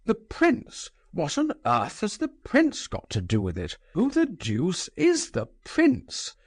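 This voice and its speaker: Guy doing a wrathful old general, slow and very animated. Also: high-pitched, breathy edge, dry recording, clean studio sound, pitched above the performer's own voice, exaggerated voice. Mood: agitated. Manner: agitated, wrathful. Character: irritable older general.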